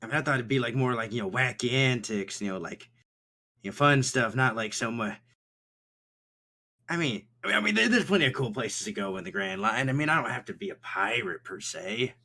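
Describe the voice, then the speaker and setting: A man's voice: medium pitch, animated, fairly quick, pushed and bright. A man running a tabletop game as game master, talking casually with lots of fillers and restarts. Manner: casual, filler-heavy and stammering.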